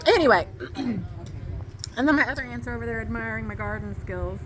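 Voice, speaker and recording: A woman telling a ranch story in a casual vlog, animated and laughing, shouting out the quoted lines. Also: a little high, a little fast, a crowd in the background, low-quality recording. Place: outdoors on a ranch.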